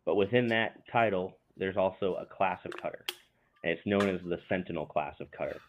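A man talking as a podcast guest in an earnest, measured way. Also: low-pitched, noisy background. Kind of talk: casual chat and prepared explanation. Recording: tinny phone line.

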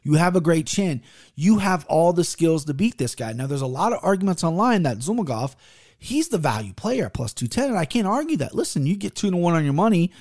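A man's voice: fairly high pitch, very animated, brisk, a little mellow, no echo, clean studio sound. A man giving casual fight-betting picks, swearing freely and interrupting himself as he goes. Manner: profane and rambling; restless, self-interrupting.

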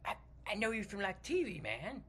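Brief: eager young actor, acted by a man, starstruck, stammering, animated. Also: high-pitched, moderate pace, breathy edge, voice pushed up, heavily acted. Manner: gushing and stammering, full of 'like' and restarts. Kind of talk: comedy sketch.

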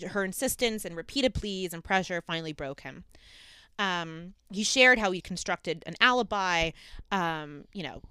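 Woman podcast co-host, mid pitch, clear smooth tone, dry close mic, casual storytelling. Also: no echo. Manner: chatty, relaxed storytelling with frequent ums. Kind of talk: casual chat retelling a true crime case.

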